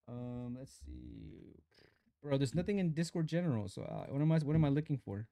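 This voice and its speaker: A man's voice: mid-range voice, animated, normal speed, creaky, warm tone, no room sound. Laid-back young man streaming games, dry sound. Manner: laid-back slang, reads chat aloud and greets viewers. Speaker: mobile game live streamer. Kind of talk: casual live-stream chat while gaming.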